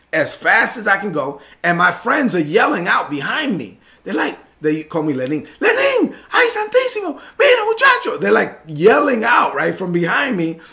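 Man, preacher sharing testimony, raspy fry, forceful tone, animated storyteller. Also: sits high. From Brooklyn, New York and the Dominican Republic. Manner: animated storyteller, often asks "right?".

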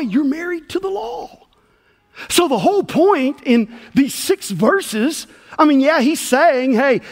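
High-voiced pastor preaching in a reverberant hall. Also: male voice. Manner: animated storyteller, acts out voices in his tale. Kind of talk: sermon with storytelling. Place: church sanctuary.

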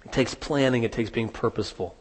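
A man preaching a sermon, telling a story with rising dramatic emphasis and slowing down on key words. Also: mid-range voice, breathy edge, big-room sound. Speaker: pastor.

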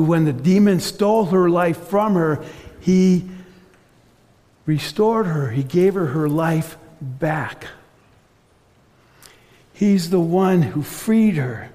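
A man preaching a sermon as pastor, earnest, slowing and softening on reflective passages. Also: on the high side, long reverb tail.

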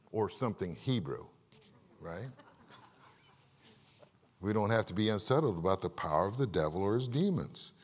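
A male pastor giving an animated sermon in church, asking the congregation questions and acting out stories. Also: on the low side. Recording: long reverb of a large hall.

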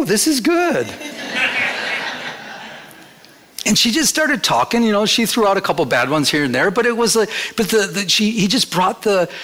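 A man's voice: high-pitched, fairly bright tone. A male pastor preaching a sermon in church, in a conversational storytelling manner that slips into acted quotes.

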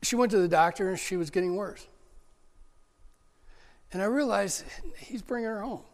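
A middle-aged man pastor preaching with a fairly high voice, moving between fervent urging and quiet, halting storytelling. He repeats and restarts phrases as he speaks. His voice rings with a long reverb from a large hall. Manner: impassioned preaching with repeated restarts, dropping to a soft personal tone. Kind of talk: sermon.

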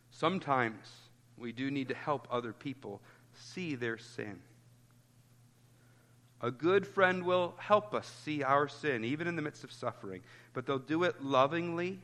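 A man's voice: mid-range voice, bright, forceful tone, big-room sound. A pastor giving an earnest expository sermon, citing chapter and verse as he goes.

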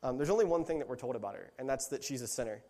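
A lay preacher delivers a relaxed, conversational sermon in a church hall, retelling the story and correcting himself mid-sentence. His medium-pitched voice moves very fast, and a long reverb from the big room trails each phrase.

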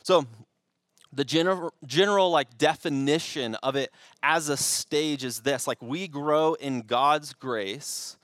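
A young man preaching a sermon to a congregation in a relaxed, conversational way, often restarting his phrases. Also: fairly high pitch, slow pace, no room sound. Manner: conversational with frequent restarts and fillers. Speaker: pastor.

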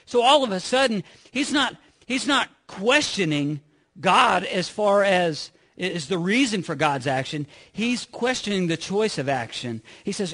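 A man preaching a sermon in an earnest way, often repeating his words and swinging from loud to hushed. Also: sits high, animated, unhurried.

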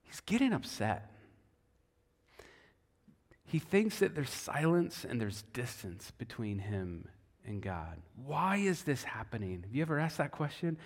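A man preaching a sermon as pastor, conversational and animated, often repeating words as he goes. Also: mid-range voice, a little slow. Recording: long hall reverb.

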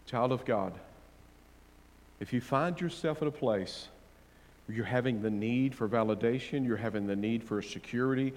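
A male pastor with a medium-pitched voice preaches at normal speed, and the sound fills a big room. He swings from loud, fervent declarations to quiet, gentle counsel, tossing playful asides to the congregation.

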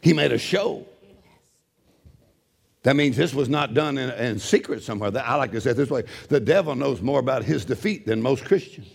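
A middle-aged male pastor preaches a sermon in a gravelly, husky voice. He swings from shouted high points to low, joking asides. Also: lively intonation, moderate pace.

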